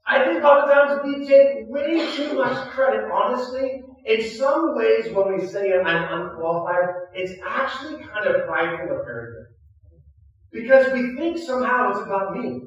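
A man with a high voice preaches an animated sermon, acting out characters and punching lines with shouts. He is picked up from far off in a very echoey hall. The sound is muffled. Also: moderate pace. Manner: animated, acts out biblical figures with shouted punchlines. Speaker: pastor.

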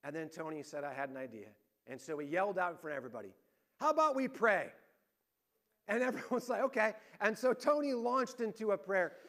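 A man with a notably high voice delivers a sermon. He tells a long story in a loose, conversational way and acts out the lines of the people in it. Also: fast. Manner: conversational, animated retelling with quoted voices. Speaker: pastor.

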